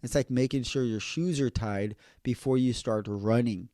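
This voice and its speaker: A man who works as an electrician, giving casual, earnest advice on passing an exam, slowing down to repeat key points. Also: mid-range voice, warm tone, dry recording, studio quality. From California.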